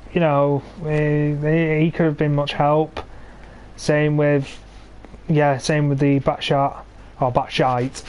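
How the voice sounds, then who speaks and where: A young English man in his twenties, pitched a little higher than most men, talks through a tank match he is streaming. He grumbles and mocks careless teammates in a sarcastic running commentary. His cheap gaming mic picks up a faint hiss of background noise. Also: a little mellow. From England. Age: 20s. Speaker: game streamer. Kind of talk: live gameplay commentary.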